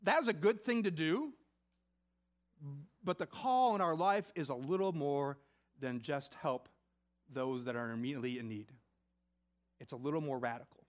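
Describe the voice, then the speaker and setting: Man, pastor, high voice, conversational sermon, animated storytelling. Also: normal speed, long pauses. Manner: animated storytelling, frequent "right?" asides.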